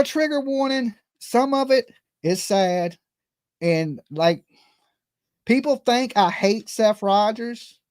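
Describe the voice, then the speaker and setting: A man's voice: sits high, darkish tone, no echo, clean studio sound. A man hosting a true-crime livestream, talking in a casual, rambling and earnest way and often repeating himself.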